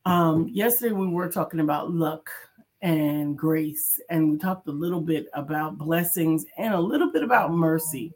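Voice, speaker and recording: A woman co-hosts a casual morning talk show in a somewhat low voice. She greets listeners by name and reads their messages aloud at length. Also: normal speed, a little mellow. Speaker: co-host.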